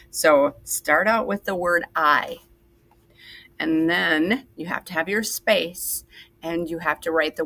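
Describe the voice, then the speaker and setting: A woman's voice: lowish voice, creaky, a bit bright. A woman teacher leading a writing lesson for second graders, patient and sing-song as she walks them through each step. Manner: slow, patient, sing-song teacher talk to young kids. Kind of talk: recorded classroom lesson for children.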